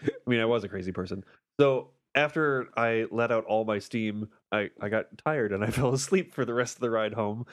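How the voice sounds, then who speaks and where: A man's voice: on the low side, moderate pace. A man in casual podcast chat, retelling a wild night at his own expense. He laughs often and keeps a loose, self-mocking tone.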